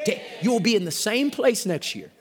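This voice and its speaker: Pastor guy preaching, real high voice swinging all over, shouts back and forth with the crowd. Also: normal speed. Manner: energetic, shouting call-and-response with the congregation. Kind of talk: sermon.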